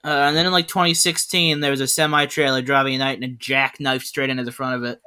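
A man's voice: medium pitch, level tone, quick pace, bright, forceful tone, clean tone. A man co-hosting a podcast, telling loose, rambling anecdotes packed with "like" in a casual chat. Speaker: podcast co-host.

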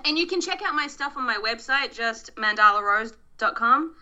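A woman's voice: fairly high pitch, animated, normal speed, sharp tone, muffled recording. A woman with an Australian accent, chatting casually as a podcast guest, self-deprecating and laughing often. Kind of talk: casual interview chat.

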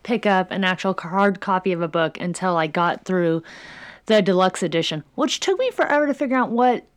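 A woman's voice: fairly low pitch, fairly quick, no echo. Chatty woman, dry close sound. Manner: chatty, animated retelling. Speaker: podcast co-host. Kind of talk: casual chat.

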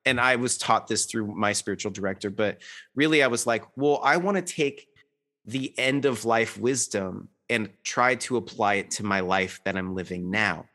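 A man's voice: lowish voice, moderate pace, bright, forceful tone. A man in his thirties talking in an earnest, rambling way, full of restarts and fillers, as a guest in a reflective conversation.

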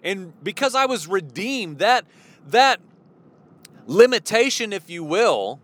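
A man's voice: sits high, sing-song, takes it slowly, fairly bright tone. A man giving an earnest sermon-style teaching, full of rhetorical questions and restarts. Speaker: preacher.

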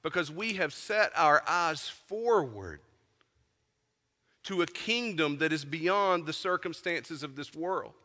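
A man preaching a sermon as pastor, conversational, moving between loud emphasis and hushed, intense moments. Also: high-pitched, big-room sound.

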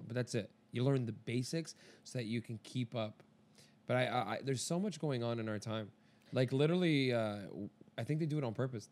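A young man from Canada in casual chat, talking loosely and excitably with plenty of swearing. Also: medium pitch, a little fast.

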